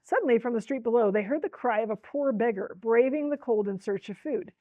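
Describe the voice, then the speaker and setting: Expressive woman reading a story aloud. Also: fairly high pitch, brisk, no room sound, phone-quality sound. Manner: expressive storyteller who speaks to listeners directly. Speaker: book talk presenter. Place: library talk.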